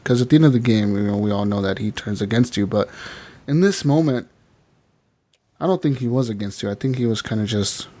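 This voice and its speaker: A man co-hosting a podcast, recapping a game in casual chat, laughing often and acting out characters as he tells it. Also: medium pitch. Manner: animated storytelling, acts out characters, swears often. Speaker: podcast co-host.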